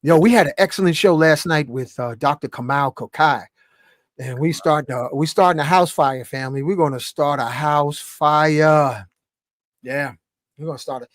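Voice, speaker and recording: A man's voice: a little high, moderate pace, no room sound, clean studio sound. Slangy man hosting a video-call livestream. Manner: loose slangy banter, shout-outs to viewers. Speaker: livestream host. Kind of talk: casual livestream chat.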